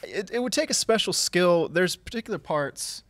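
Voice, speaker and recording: Man, animated pitch, deadpan wisecracks, clearly audible background noise, clicks. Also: moderate pace. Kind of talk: casual live stream chat. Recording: noisy live stream audio.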